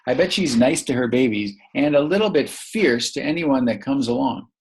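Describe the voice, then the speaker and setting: A man teaching a young English learner, reading a picture book aloud slowly and asking many encouraging questions. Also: medium pitch, animated, creaky. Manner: slow, encouraging, full of questions.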